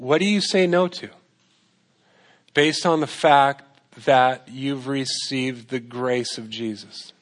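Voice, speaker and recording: Speaking slowly in a mid-range voice, this man delivers a sermon in a conversational style. As a pastor, he poses rhetorical questions and drives his points home through repetition.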